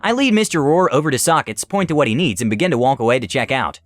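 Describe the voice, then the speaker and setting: A man narrating online stories in an animated, scripted way. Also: medium pitch, fast, no room sound, soft background music. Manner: animated storytelling.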